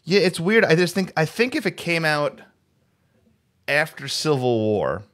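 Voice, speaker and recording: A man's voice: a little high, big pitch swings, measured pace, fairly bright tone. A man co-hosting a casual pop culture chat over a video call, rambling and restarting his sentences. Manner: rambling, full of restarts and fillers. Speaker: co-host.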